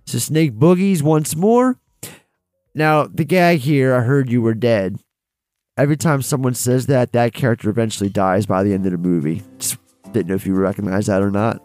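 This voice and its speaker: A man's voice: mid-range voice, normal speed, a little mellow, dry recording, soft background music. A man co-hosting a movie podcast, chatting casually and enthusiastically with some swearing. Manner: enthusiastic, profane, repeats himself. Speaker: podcast co-host. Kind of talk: casual movie review chat.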